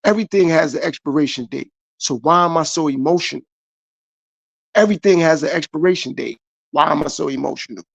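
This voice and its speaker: Gravelly-voiced man preaching self-worth. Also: a little high, a little fast, no echo. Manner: preachy, repetitive, talks straight to viewers. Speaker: podcast host. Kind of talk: motivational monologue.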